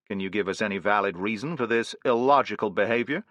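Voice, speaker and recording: A man's voice: lowish voice, quick pace, a bit bright, no echo, dull audio, lightly acted. A man voicing a formal lawyer who cross-examines a witness in a pointed, solemn way, in an audiobook reading. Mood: probing. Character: solemn probing male lawyer, middle-aged.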